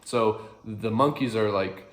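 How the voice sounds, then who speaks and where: A man's voice: lowish voice, a little slow, echoey room, slight background noise. A man casually explaining a classic play in a rambling, chuckling way, often correcting himself. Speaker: video host explaining a play.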